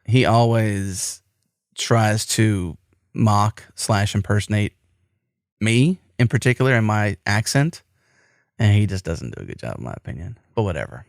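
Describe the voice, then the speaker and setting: A man's voice: fairly low pitch, lively intonation, unhurried, vocal fry, no echo, studio quality. A middle-aged American man hosting a podcast, rambling enthusiastically with frequent restarts. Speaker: podcast host. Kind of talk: casual podcast chat.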